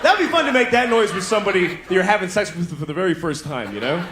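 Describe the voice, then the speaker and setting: A man's voice: high-pitched, quick pace, noisy background. A middle-aged man doing a stand-up comedy routine, telling stories and acting out voices. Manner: animated storytelling, acting out voices and moans.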